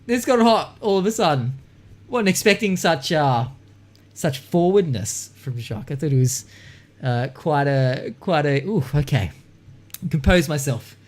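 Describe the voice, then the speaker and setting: A man's voice: fairly high pitch, expressive, unhurried. A man hosting a podcast, cheeky and teasing in casual chat. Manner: cheeky and teasing, laughing often. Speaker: podcast host.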